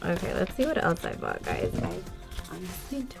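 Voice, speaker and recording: A young woman from the United States in a casual unboxing chat, chatty and gushing, with excited gasps and laughs. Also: fairly low pitch, normal speed, gravelly, over loud music. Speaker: vlogger.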